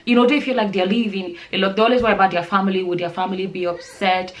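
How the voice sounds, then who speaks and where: A woman vlogger speaks straight to her camera in a casual, earnest way. Her voice sits at an ordinary middle pitch. She rambles with plenty of fillers and restarts. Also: fairly even intonation, quick pace. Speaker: nurse and vlogger. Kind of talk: casual vlog talk to camera.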